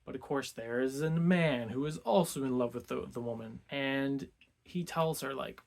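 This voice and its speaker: A man's voice: medium pitch, moderate pace, vocal fry. A man hosting a book club video, casually retelling a classic story in laid-back speech full of "like".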